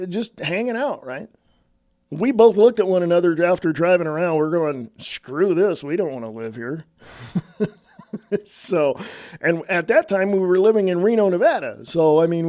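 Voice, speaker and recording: A man's voice: fairly high pitch, warm tone, no room sound, studio quality. A middle-aged man from California, giving a blunt, opinionated, casual political rant to the camera and calling his listeners "folks.". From California, USA. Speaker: online commentator.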